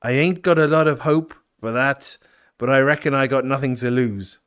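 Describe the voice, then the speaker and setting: A man doing a weary, grieving frontier man in a video game, speaking in a rough, folksy rural drawl. The voice sits at a middling pitch and carries a sorrowful, worn-down tiredness. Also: lively intonation, a little slow, close to an everyday voice. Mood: melancholy.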